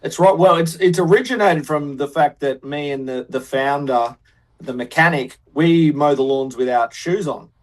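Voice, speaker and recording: A man's voice: fairly high pitch, moderate pace, poor audio. A man with an Australian accent, a guest musician answering interview questions in a hesitant, rambling way with many restarts.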